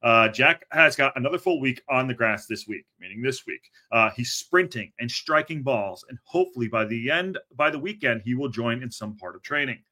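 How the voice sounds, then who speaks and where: Tired, bright-voiced man hosting a livestream. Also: medium pitch, expressive, normal speed, few pauses. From Southern California. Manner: hesitant, many fillers, reads chat aloud. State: tired, low energy. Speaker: host of a football news livestream. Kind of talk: casual livestream chat.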